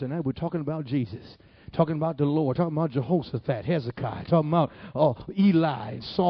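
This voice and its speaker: A man from the Detroit area preaching, telling his testimony in an animated, folksy way. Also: on the high side, dry recording. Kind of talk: sermon testimony storytelling. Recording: dull lo-fi, dry sound.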